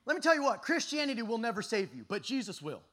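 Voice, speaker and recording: A man in his thirties preaching an energetic youth sermon at a camp meeting, telling stories that swing from shouting to hushed. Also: very high voice, fast talker. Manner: animated storytelling, shifts from shouting to hushed.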